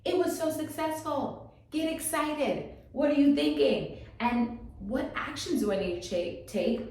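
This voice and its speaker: A woman's voice: medium pitch, lively intonation, warm tone, natural voice. A woman playing her scolding future self. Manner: scolding, rapid-fire questions. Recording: very echoey room, distant mic.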